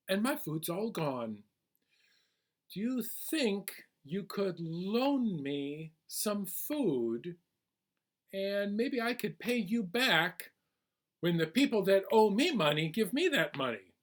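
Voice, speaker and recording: A man doing a sly trickster spider, high and wheedling. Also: exaggerated voice. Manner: wheedling, fast excuses.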